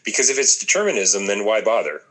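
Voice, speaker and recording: A man in casual conversation about a film, thinking aloud with frequent pauses and restarts. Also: fairly low pitch, big pitch swings, fairly bright tone, low-quality recording. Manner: reflective, thinks aloud with many ums and restarts. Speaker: podcast co-host discussing a film.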